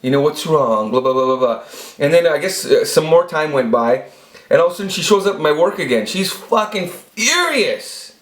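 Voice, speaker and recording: A man's voice: fairly high pitch, fast talker. A man telling a rambling, profane personal story with lots of restarts, as a channel host. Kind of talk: casual storytelling monologue. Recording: echoey room.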